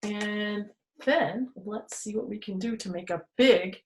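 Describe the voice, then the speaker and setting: A woman presenting a children's museum storytime and craft. She tells the story playfully, dropping to hushed whispers, then gives gentle step-by-step craft instructions to children from a table. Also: mid-range voice, a little slow, faint music behind. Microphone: camera she moves herself.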